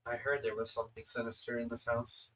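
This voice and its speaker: A man's voice: medium pitch, completely flat delivery, fairly quick, a little hiss or hum, close to an everyday voice. A man voicing a sly, sinister character in a tabletop game. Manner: hushed and sinister, then shouting.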